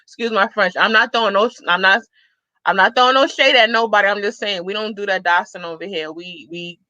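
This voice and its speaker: A woman hosting a casual live-stream chat, reading comments aloud and giving shout-outs, with bursts of excited exclamation. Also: mid-range voice, fairly quick, no room sound. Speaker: livestream host. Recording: dull, dry lo-fi live-stream audio.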